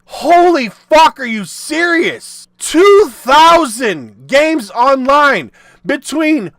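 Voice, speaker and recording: Bright high-voiced guy ranting about games, swearing a lot, dry close mic. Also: no room sound. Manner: profane, exasperated ranting, shouting bursts. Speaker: video game commentator. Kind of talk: ranting commentary.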